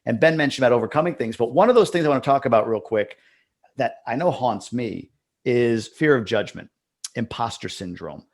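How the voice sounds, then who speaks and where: Gravelly-voiced man hosting a chat. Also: medium pitch, lively intonation, brisk. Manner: rambling, many restarts. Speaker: host. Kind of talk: casual interview chat.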